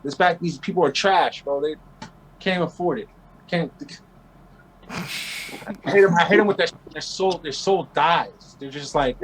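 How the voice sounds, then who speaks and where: Interview guest: man in his forties from Queens, brash and profane, high voice. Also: fairly bright tone, poor audio. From Queens, New York. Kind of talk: casual interview storytelling.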